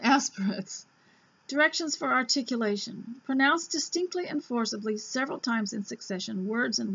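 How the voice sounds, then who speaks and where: A woman host reading an old school reader aloud, breaking off into chatty asides and admitting she talks too fast. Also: on the high side, fairly bright tone, husky. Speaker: homemaking radio host. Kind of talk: casual reading lesson. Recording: dull lo-fi recording.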